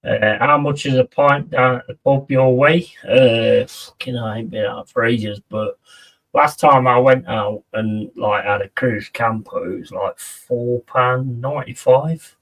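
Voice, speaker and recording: A man's voice: medium pitch, a little slow, a bit bright, distant mic. A man chatting casually on a live stream, reading out and answering viewers' messages and swearing freely.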